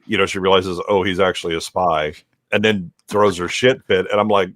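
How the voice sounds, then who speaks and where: A man's voice: low voice, fairly even intonation, a little fast, a bit bright, dry recording, studio quality. A man co-hosting a casual podcast, blunt, crude and sarcastic. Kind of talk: casual discussion.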